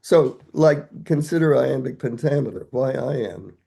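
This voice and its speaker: A man's voice: medium pitch, expressive, unhurried, vocal fry, warm tone, husky. An older man, a guest scholar, explaining ideas step by step in a thoughtful, conversational academic way, asking himself rhetorical questions.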